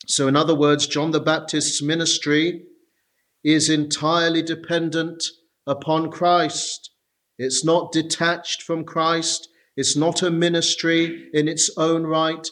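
Measured male preacher, slightly high voice. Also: level tone, fairly bright tone. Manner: measured, reads verses aloud then explains with frequent "uh" pauses. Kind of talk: expository sermon.

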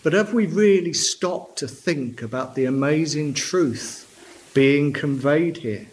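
Slow, deliberate male preacher. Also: on the high side, lively intonation, a little hiss or hum. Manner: slow deliberate preaching with stressed key words. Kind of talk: sermon. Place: church pulpit.

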